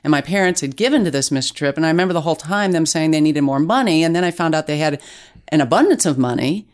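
Woman, middle-aged, smooth clear voice, animated storytelling, casual interview. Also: sits low, fast. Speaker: guest journalist.

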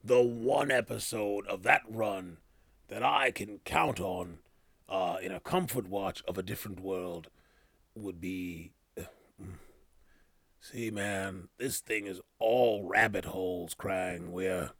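A man's voice: on the low side, takes it slowly, vocal fry, fairly bright tone, dry recording. A man hosting a casual podcast, rambling with loose slang, trailing off and restarting his thoughts. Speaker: podcast host. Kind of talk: casual chat.

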